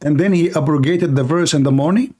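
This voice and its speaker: Insistent man with a high voice debating. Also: fairly quick, mellow. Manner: insistent, repeats himself, talks over the caller. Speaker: debate host. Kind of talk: live religious debate.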